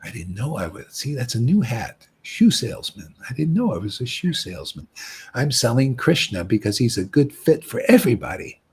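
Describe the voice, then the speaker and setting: A man's voice: medium pitch, big pitch swings, normal speed, a little mellow, slightly rough. A man giving a casual devotional talk as a spiritual teacher, often saying "man" and acting out quoted voices.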